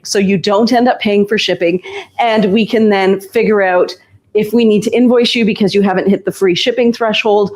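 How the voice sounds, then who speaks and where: A woman's voice: mid-range voice, fairly even intonation, brisk, a little mellow. A woman who runs a shop, hosting a casual live stream and explaining ordering and clothes in a chatty, reassuring way.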